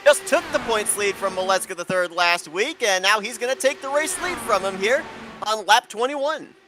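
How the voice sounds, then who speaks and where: A man from New York calling play-by-play on an online race broadcast and reading sponsor spots, brisk and clear. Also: sits high, animated, over music. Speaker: play-by-play commentator. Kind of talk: play-by-play commentary and read ads.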